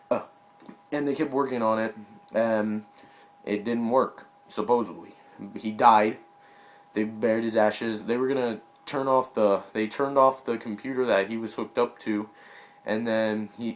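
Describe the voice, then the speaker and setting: A young man casually recapping a movie he just saw, rambling with lots of fillers, restarts and quick apologetic asides. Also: on the low side. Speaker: movie reviewer.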